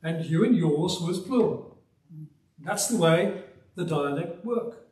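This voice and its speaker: An older English man from the West Midlands preaching a sermon, with a softened accent and a folksy, emphatic manner and little chuckles. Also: a little high, lively intonation, takes it slowly. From Black Country, West Midlands of England. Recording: roomy, from some distance.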